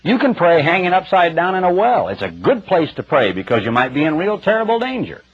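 A male radio preacher delivering a sermon in plain, emphatic everyday speech, his pitch rising and falling a great deal. His voice sits a little high. The sound is dull and lo-fi, with faint music underneath. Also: wildly swooping pitch, a little fast, breathy edge. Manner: plain-spoken, emphatic, conversational. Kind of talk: broadcast sermon.

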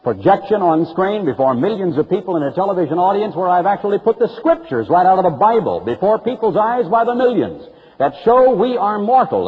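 A male preacher delivers a broadcast sermon in an emphatic, sarcastic style, his husky voice swinging sharply up and down. The sound is dull and lo-fi, with a long reverb trailing each phrase. His voice sits a little high for a man.

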